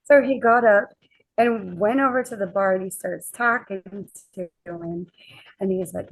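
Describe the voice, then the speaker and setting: A woman guest on a chat podcast, telling a lively anecdote and acting out the quoted dialogue. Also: medium pitch, a little slow, slightly rough, no echo, poor audio. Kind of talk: casual storytelling chat.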